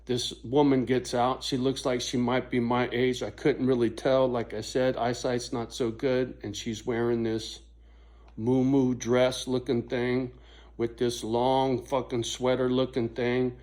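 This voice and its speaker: A man's voice: medium pitch, flat delivery, a little slow, a little mellow. Middle-aged man, casual vlog storytelling, rambling, profane, keeps asking "right?". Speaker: vlogger.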